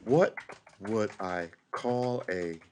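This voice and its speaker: A man hosting a live podcast, rambling and opinionated, swinging from loud outbursts to low asides. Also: very slow, a little hiss or hum. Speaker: podcast host. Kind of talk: casual live commentary.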